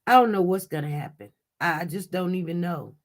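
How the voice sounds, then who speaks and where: A livestream news host with a lowish voice speaks briskly on a casual stream. She talks straight to her chat viewers in an impassioned, repetitive way.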